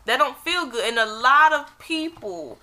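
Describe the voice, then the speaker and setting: A woman's voice: high voice, animated, measured pace, sharp tone. A young woman talking bluntly and emphatically in a casual chat, swearing freely.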